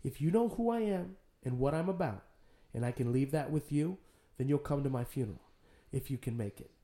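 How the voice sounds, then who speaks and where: A man from San Jose, a podcast guest, telling personal stories in casual, animated talk with plenty of swearing. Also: medium pitch, fairly quick. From San Jose, California. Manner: animated, swears freely, storytelling. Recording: roomy echo.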